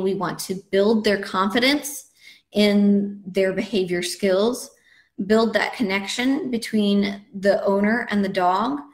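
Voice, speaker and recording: A woman dog trainer teaching a live webinar lesson in a chatty, conversational way, with frequent fillers. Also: medium pitch. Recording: roomy echo.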